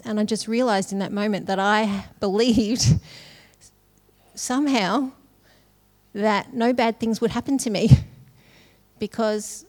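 A woman's voice: medium pitch, unhurried, darkish tone. A middle-aged woman giving a sermon in a casual, conversational way, often laughing between phrases. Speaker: conference speaker.

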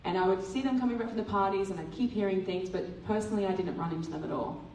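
A woman giving a testimony sermon at church, telling a lively story and acting out the dialogue. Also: medium pitch, fast, slight background noise. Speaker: church speaker. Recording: roomy hall from a distant mic.

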